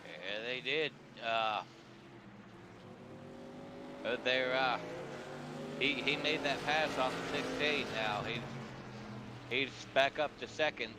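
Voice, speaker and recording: A man as color commentator in a race broadcast, talking haltingly with many restarts. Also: medium pitch, background noise.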